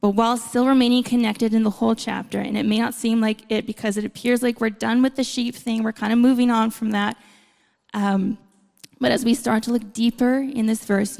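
In a church hall with a long, reverberant echo, a woman preaches a sermon in a conversational style, tossing playful asides to the congregation. Her voice sits at a medium pitch, creaky and slightly mellow.

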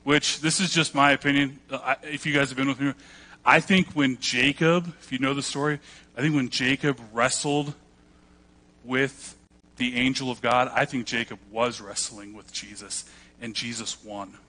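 A man's voice: mid-range voice, fairly even intonation, moderate pace, pushed and bright. A man pastor preaching a sermon, telling the story conversationally and acting out the quoted voices with a joking touch.

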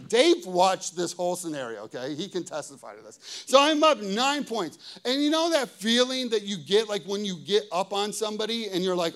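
A middle-aged pastor delivers a casual sermon at a normal pace, telling family stories and often checking in with "okay?" and "right?" His conversational, animated storytelling swings widely in pitch and volume.

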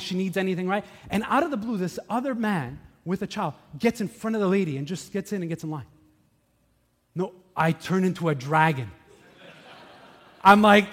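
Animated pastor preaching in a big hall. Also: male voice, sits high. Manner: animated storytelling, swings from shouting to hushed. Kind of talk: sermon. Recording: long reverb of a large hall.

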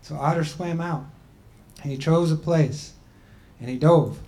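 A man giving a talk and telling a traditional creation story in a measured, deliberate way with frequent pauses. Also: a little high, warm tone. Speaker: speaker.

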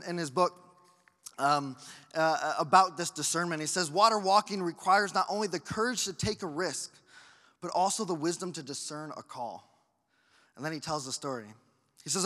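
A man preaching a sermon as a pastor, acting out quoted voices and moving between loud bursts and hushed lines. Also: high voice. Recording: hall reverb.

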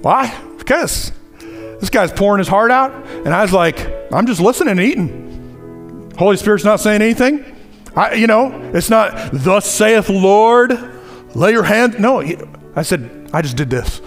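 Animated, high-voiced male preacher. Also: moderate pace, faint music behind. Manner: animated, conversational preaching with acted-out asides. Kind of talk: sermon.

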